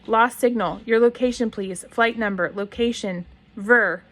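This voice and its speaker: A woman reading aloud, voicing a calm adult male radio operator who speaks in clipped, formal radio procedure. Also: a little high, a little slow. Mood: businesslike.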